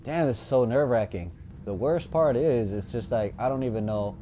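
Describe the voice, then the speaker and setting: A man giving let's play commentary, swinging between nervous muttering and loud excited shouting, and swearing a lot. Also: medium pitch, moderate pace, slight background noise. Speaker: gaming streamer.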